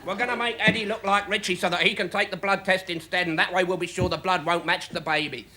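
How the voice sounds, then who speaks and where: Dry sardonic butler, raised pitch, background noise. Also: male voice, steady tone, fast, sharp tone.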